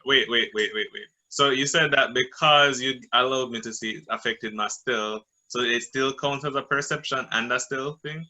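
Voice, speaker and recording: A man's voice: mid-range voice, moderate pace, hardly any pauses, sharp tone. A man playing a tabletop game, eager and checking the rules as he goes. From Jamaica. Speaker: player. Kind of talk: casual tabletop play.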